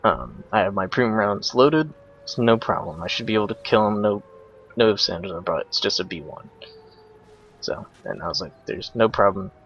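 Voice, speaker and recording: A young man casually commenting over a replay of his own game match, explaining each move in a relaxed way with frequent ums and uhs. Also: lowish voice, normal speed, faint music behind. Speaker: gameplay commentator. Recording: dull lo-fi recording with faint noise.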